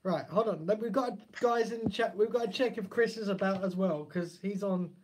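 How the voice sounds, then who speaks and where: A man's voice: high-pitched, moderate pace, a little mellow, husky. A man hosting a casual live stream, laughing and keeping the chat moving. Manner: laughing, keeps things moving.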